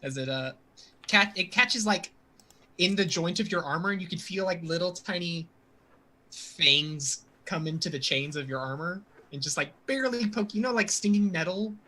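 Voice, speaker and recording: A man's voice: sits high, moderate pace, bright, forceful tone. A man running a tabletop role-playing game as dungeon master, narrating the action playfully.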